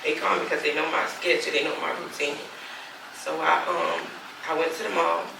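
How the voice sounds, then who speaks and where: A mother tells her story candidly for a documentary in a low, gravelly voice, speaking fairly quickly and acting out her phone calls by slipping into the other people's voices. The mic sits at a distance in an echoey room, with steady background noise underneath.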